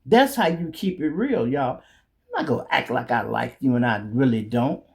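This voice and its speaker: Gravelly, animated profane storyteller man. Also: mid-range voice, moderate pace. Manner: blunt, profane, streetwise. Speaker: show host. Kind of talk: comedic storytelling rant.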